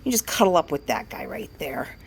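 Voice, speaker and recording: Low-pitched, expressive, and brisk, with vocal fry and a bit of hiss or hum in the audio, an antique dealer strolls her large indoor shop. She talks about the pieces for sale and works out discounts aloud.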